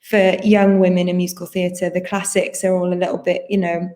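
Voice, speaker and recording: A woman's voice: lowish voice, a little fast. Chatty woman guest on a laptop call. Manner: chatty, excitable storyteller who acts out others' lines. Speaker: guest performer. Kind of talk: casual interview chat. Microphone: laptop on a video call.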